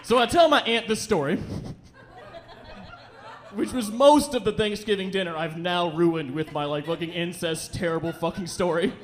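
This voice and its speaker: In a comedy club, a young man with a high-sitting voice rambles through a profane stand-up set, slipping into quick voices for the people in his stories.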